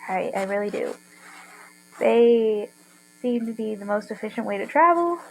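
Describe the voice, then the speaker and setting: A woman's voice: on the high side, animated, moderate pace, gravelly, slight background noise, low-quality recording. A young woman with an earnest, rambling way of talking, hosting a casual solo monologue. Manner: rambling, earnest, enthusiastic ranting. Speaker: podcast host.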